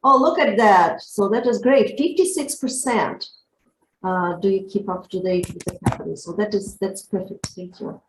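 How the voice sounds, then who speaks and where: A woman's voice: medium pitch, moderate pace. A woman co-hosting a webinar, reading out poll results in an upbeat, slightly hesitant way. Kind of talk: webinar commentary. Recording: echoey room with background noise.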